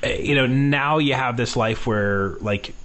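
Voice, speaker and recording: A man's voice: mid-range voice, slow pace, a bit bright. Rambling radio host man. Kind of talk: conversational interview.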